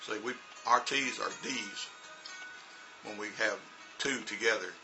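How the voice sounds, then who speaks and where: An American man with a gravelly, fairly low voice talks through English sounds, saying examples aloud as he goes. He speaks in a loose, conversational teaching manner, and music plays clearly behind him. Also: measured pace, poor audio. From United States. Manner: demonstrates pronunciation with spoken examples. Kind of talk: casual explanatory vlog. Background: background music.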